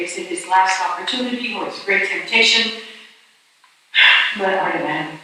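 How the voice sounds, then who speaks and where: A woman telling a story as a sermon in a church hall, animated and dramatic, often restarting her words. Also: mid-range voice, normal speed, pauses often. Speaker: speaker. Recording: echoey distant hall with faint noise.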